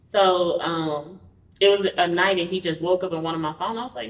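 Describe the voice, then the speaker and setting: A woman with a slightly low voice shares her own story as a podcast guest. She speaks candidly and conversationally, and she slips into the voices of the people she quotes. The sound is roomy and echoey. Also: moderate pace, a little hiss or hum. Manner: animated, acts out quoted dialogue. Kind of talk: personal storytelling in an interview. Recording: roomy, mic at a distance.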